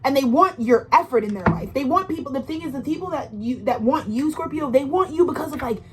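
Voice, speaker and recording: Brief: woman tarot reader, fairly high voice, slangy and profane, rambling direct address, faint noise behind. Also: lively intonation, a little fast. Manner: rambling, emphatic and profane, with frequent restarts. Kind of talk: casual tarot reading monologue.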